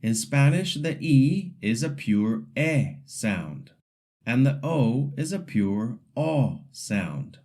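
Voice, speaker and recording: With a sing-song lilt, a mellow-voiced Spanish pronunciation teacher guides students through a scripted lesson. He takes his time, letting his pitch move freely while modeling words clearly for repetition.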